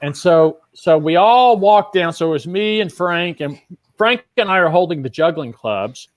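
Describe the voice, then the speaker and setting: A man's voice: high voice, animated, normal speed. A middle-aged man, a guest magician, telling a backstage story with animation and acting out other people's lines.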